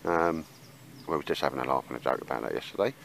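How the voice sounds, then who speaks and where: A man's voice: rumbling low, fast talker, vocal fry, a bit bright, a little hiss or hum, poor audio. A man chatting casually in a rambling way with lots of fillers while he shows his camp gear outdoors in the woods. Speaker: bushcraft vlogger.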